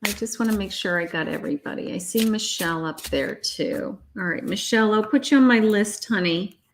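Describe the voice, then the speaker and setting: A woman's voice: medium pitch, brisk. Chatty woman giving tarot readings. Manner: chatty and reassuring, calls viewers honey and sweetheart. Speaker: psychic tarot reader hosting a live stream. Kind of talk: live-stream tarot reading, chatting with viewers.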